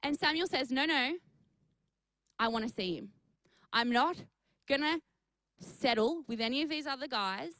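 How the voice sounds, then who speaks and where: A young woman, a youth pastor, telling a story to young people on a live stream, chatty and energetic, speaking to the chat. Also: high-pitched, moderate pace, pauses often, no room sound, rough recording. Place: studio for an online youth stream.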